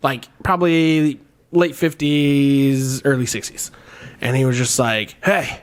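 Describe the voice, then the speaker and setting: A man's voice: mid-range voice, slow, smooth. A man with an Ohio accent, co-hosting a podcast, telling a story in casual chat and acting out the lines of people in it with lots of laughter. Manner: animated, acts out quotes, laughs often. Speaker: podcast co-host.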